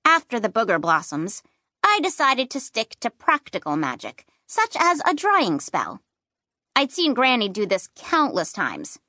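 A woman narrating a children's fantasy book in first person, with playful and expressive storytelling. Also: a little high, a little slow, no echo, clean studio sound. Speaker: audiobook narrator.

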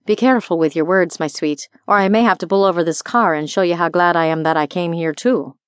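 A woman's voice: on the low side, brisk, smooth, dry recording, lightly acted. Woman putting on a flirty scottish dragon guy, teasing, dry close audiobook sound. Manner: teasing, affectionate. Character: Scottish dragon-shifter bounty hunter, man, flirty. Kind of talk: audiobook character voice.

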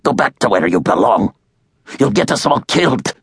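A man's voice: medium pitch, big pitch swings, normal speed, breathy edge, no echo, studio quality, pitched above the performer's own voice, heavily acted. A man voicing a huge, brutish man who barks harsh, angry warnings. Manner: harsh, barking.

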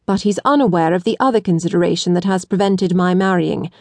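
A woman narrator voicing a cool, blunt aristocratic young man who speaks calmly and in a businesslike way. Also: lowish voice, dry recording, close to an everyday voice. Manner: calm, businesslike, measured.

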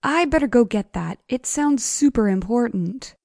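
A woman's voice: high voice, lively intonation, a little fast, mellow, dry recording, clean studio sound, pitched above the performer's own voice. A woman doing a flustered young guy. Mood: evasive. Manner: flustered, evasive. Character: nervous wiry young male grad student.

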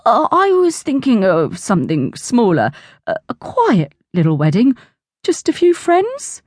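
A woman's voice: on the high side, wildly swooping pitch, a little slow, darkish tone, no room sound, studio quality, pitched above the performer's own voice, heavily acted. A woman voicing a timid, nervous man in a children's storybook, hesitant and stammering.

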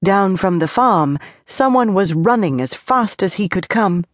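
A woman narrating a children's audiobook with gentle, measured storytelling. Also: medium pitch, lively intonation, dry recording, clean studio sound. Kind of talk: scripted narration.

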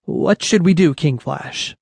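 A man's voice: a little high, slow pace, creaky, a little mellow, husky, dry recording, exaggerated voice. A man doing an earnest fat tomcat. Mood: indignant. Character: plump friendly male tomcat hunter.

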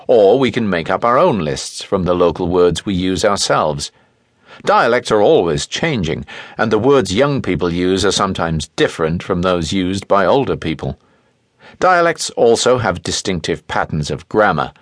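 A man reading a nonfiction audiobook in a clear, explanatory way, stressing each example, close to a studio microphone. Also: low voice, no echo. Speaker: audiobook narrator. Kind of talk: scripted nonfiction audiobook narration.

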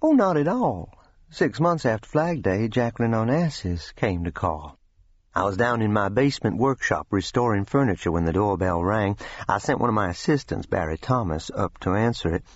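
A man voicing a calm, controlled gentleman who tells stories with dry amusement. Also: fairly low pitch, normal speed, no echo, highs cut off. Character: calm, genteel older Southern gentleman storyteller.

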